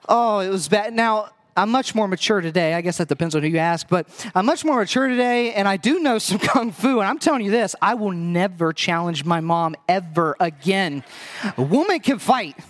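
A young man with a notably high voice delivers a sermon built around a personal story. He acts out the scenes, throws quick asides to the listeners and keeps the telling lively. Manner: animated storytelling, acting out past scenes, quick asides to the audience. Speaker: preacher.

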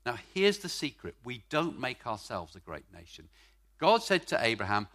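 A middle-aged man preaching a sermon at a church service, emphatic, stretching key words and swinging from loud to quiet. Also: mid-range voice, very animated, normal speed.

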